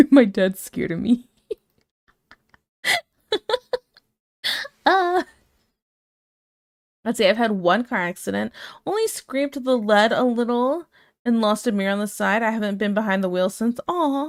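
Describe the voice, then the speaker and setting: A woman's voice: on the high side, lively intonation, normal speed. A woman streaming casually, chatting and laughing as she reads out her chat.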